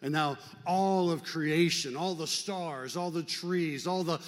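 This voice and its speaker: An older man preaching a sermon as a pastor, talking conversationally with folksy joking asides and swinging between loud emphasis and hushed, quiet stretches. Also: fairly high pitch, takes it slowly. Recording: long reverb of a large hall.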